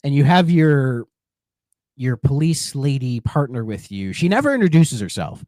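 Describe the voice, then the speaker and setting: Animated rambling male podcast co-host. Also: mid-range voice, normal speed, dry recording, clean studio sound. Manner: rambling, many restarts and fillers. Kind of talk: casual podcast chat.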